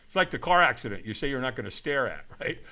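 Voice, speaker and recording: A middle-aged man telling a story as a podcast guest, acting out the voices of the people in it and shouting for emphasis. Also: medium pitch, sing-song, quick pace. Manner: dramatic retelling, acts out quoted voices, shouts for emphasis. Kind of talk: animated storytelling.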